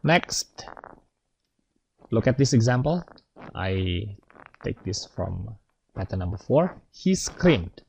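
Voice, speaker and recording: A man's voice: on the low side, very animated, takes it slowly, vocal fry, pauses often, a little hiss or hum, low-quality recording. A man teaching an English grammar lesson, explaining step by step and checking in with his students.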